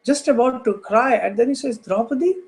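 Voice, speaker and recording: A man, a spiritual teacher, slowly retelling a scripture story with drawn-out pauses. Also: extremely high pitch, vocal fry, a little mellow.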